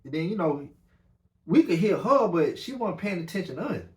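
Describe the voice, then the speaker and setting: Male podcast host, slightly high voice, rambling anecdote, roomy echo. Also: normal speed. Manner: animated, rambling with many fillers. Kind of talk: casual storytelling.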